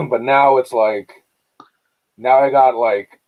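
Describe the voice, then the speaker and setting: A man hosting a casual podcast chat, telling stories in an animated way and laughing often. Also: mid-range voice, takes it slowly, phone-quality sound. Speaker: podcast host.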